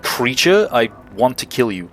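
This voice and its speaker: A man streaming a video game, riffing casually with plenty of swearing and laughter. His pitch is very animated. Faint game music plays behind him. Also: measured pace. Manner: joking, swears, laughs often. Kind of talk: casual gameplay commentary.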